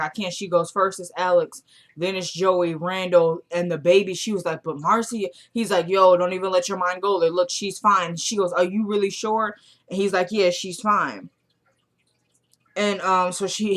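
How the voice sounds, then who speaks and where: A woman's voice: mid-range voice, fairly bright tone. A young woman chatting casually as she recaps a TV episode, retelling scenes by quoting the characters.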